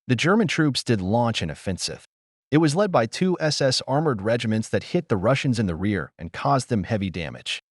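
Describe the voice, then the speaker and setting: A male narrator tells a first-person wartime story in a grave, measured way. His voice rises and falls with lively intonation. The recording is dry and close, with no room sound. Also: medium pitch, dry recording. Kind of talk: scripted first-person war memoir narration.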